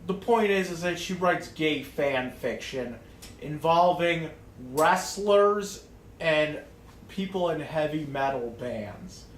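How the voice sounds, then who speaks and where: Man, slightly high voice, slow halting rant, lots of swearing and restarts. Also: lively intonation, roomy sound, slight background noise. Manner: rambling, profane, many restarts and fillers. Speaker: vlogger. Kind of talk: casual ranting monologue.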